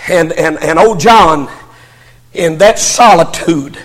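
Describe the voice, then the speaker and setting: Older preacher, high husky voice. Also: male voice, slow pace, in a large hall. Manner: fervent preaching that swells into shouting, with many stammered restarts. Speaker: pastor. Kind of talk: sermon.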